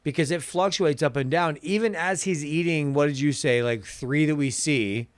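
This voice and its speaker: A man co-hosting a podcast, joking and riffing with quick put-on voices in casual chat. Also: fairly high pitch, smooth, no echo. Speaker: podcast co-host.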